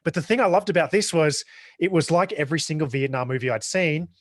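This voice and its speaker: A man's voice: on the high side, lively intonation, quick pace, dry recording, clean studio sound. Chatty Australian man reviewing films. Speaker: podcast co-host. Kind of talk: casual film review chat.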